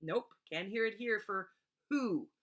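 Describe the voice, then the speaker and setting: A woman teacher giving a remote reading lesson to young children, patiently sounding words out slowly letter by letter. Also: mid-range voice, lively intonation, a bit bright.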